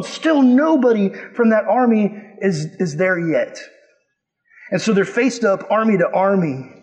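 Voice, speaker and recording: Male youth pastor, high voice, playful slangy sermon delivery. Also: expressive, a little slow, darkish tone. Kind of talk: casual preaching on a Bible story.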